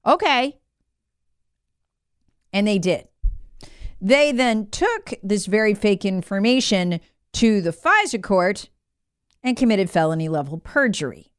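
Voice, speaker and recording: A woman's voice: medium pitch, expressive, a little slow, clean tone, no echo, clean studio sound. A woman hosting a political commentary show, talking in a sarcastic, opinionated way. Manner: sarcastic, mocks figures in put-on voices.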